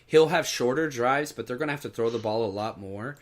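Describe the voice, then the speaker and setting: A man co-hosting a casual fantasy football podcast, sounding deflated and glum, his tone flat and empty. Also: medium pitch, fairly quick. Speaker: podcast co-host.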